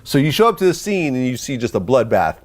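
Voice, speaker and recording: A man's voice: medium pitch, big pitch swings, quick pace. A man interviewing a guest in a casual interview, prompting with short affirmations and summaries.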